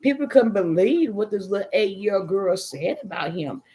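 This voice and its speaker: A middle-aged woman hosting a casual livestream reads viewer comments in a Chicago-area accent, speaking candidly and emphatically over sips of wine. Her medium-pitched voice is warm, with lively intonation at a normal speed.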